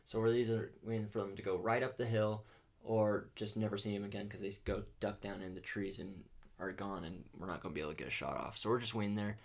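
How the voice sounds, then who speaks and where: A man telling a hunting story in a casual chat, animated and laughing, full of "dude" and "like". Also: on the low side, quick pace, vocal fry. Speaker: podcast host.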